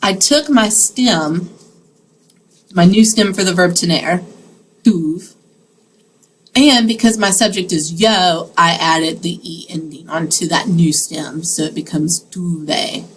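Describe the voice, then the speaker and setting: A woman's voice: on the low side, slow, slight background noise, low-quality recording. A woman teaching a Spanish grammar lesson in a classroom, explaining patiently step by step and checking in with her students.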